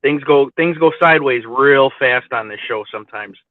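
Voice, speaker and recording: A man's voice: mid-range voice, moderate pace, no echo. A man hosting a casual stream chat, easygoing and rambling, laughing often. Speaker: host. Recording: dry, phone-like audio.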